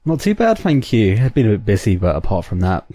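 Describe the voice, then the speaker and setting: A man's voice: lowish voice, very animated, brisk, mellow, dry recording. A man co-hosting a casual gaming podcast, talking in an easygoing and giggly way. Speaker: podcast co-host.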